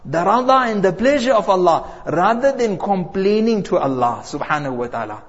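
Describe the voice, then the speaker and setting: A man's voice: sits high, big pitch swings, normal speed. A man delivering a sermon as a story, emphatic, drawing out key words. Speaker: preacher. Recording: reverberant hall, dull lo-fi sound.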